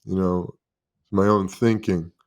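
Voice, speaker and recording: Deep-voiced man telling a candid story. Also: steady tone, slow pace, a little mellow. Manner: emotional, confessional, swears freely. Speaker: podcast guest, former pro football player.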